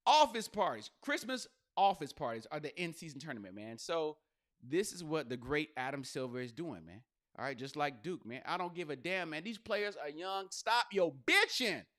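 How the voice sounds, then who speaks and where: A male podcast host and comedian delivering a loose, profane, riffing monologue, jumping into quick voices and asides. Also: on the high side, very animated, a bit bright.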